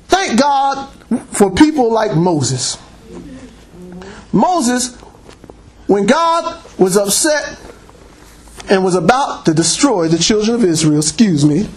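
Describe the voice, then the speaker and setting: A man preaching a sermon, exhorting and retelling scripture stories with playful mockery. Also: high voice. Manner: animated storytelling, mocking, exhorting.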